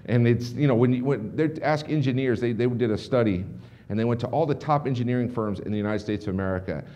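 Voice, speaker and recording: A middle-aged man on a conference stage, telling an energetic keynote story to a business audience and acting out the dialogue. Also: medium pitch, fast, lo-fi sound. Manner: animated, acts out dialogue with restarts and asides. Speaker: motivational speaker presenting to a business audience.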